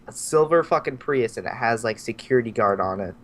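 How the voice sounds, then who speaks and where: Teen male podcaster, rambling and profane storyteller, mid-pitched voice. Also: expressive, fairly quick, fairly bright tone. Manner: rambling, profane, laughing as he tells it. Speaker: podcast member. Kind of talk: casual storytelling.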